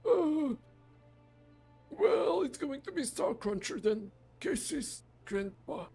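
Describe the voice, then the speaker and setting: A bubbly grandchild, as a man puts the voice on chatters in a squeaky, very high voice, far above his own. The talk is breathless and eager, with faint music behind. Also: big pitch swings, takes it slowly, gravelly, dark tone, full character voice. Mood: excited. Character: excited young grandchild calling grandpa.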